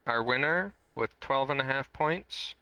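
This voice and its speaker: Slow, bright-voiced podcast host man. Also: mid-range voice, smooth, no room sound, rough recording. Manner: relaxed, joking, slightly rambling. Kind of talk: casual podcast chat.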